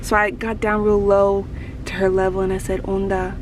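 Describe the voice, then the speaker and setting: A woman's voice: mid-range voice, little pitch movement, moderate pace, recorded from a distance, noisy background. A young woman vlogger telling a story in a bubbly, gushing way, full of "like". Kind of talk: casual storytelling to camera.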